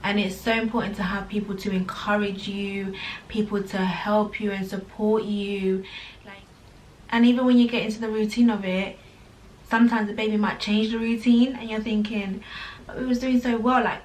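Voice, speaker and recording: A woman's voice: medium pitch, flat delivery, normal speed, darkish tone, distant mic. A young woman talking candidly to camera at home, full of fillers and addressing viewers as "guys". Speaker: vlogger, first-time mother. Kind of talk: casual chat to camera. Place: home room. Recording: voice a little off-mic, faint music behind.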